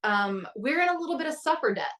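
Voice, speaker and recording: A woman's voice: high-pitched, big pitch swings, fast, fairly bright tone, distant mic, rough recording. A woman in her thirties in a casual podcast conversation, telling stories animatedly and acting out her own inner voices. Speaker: guest coach.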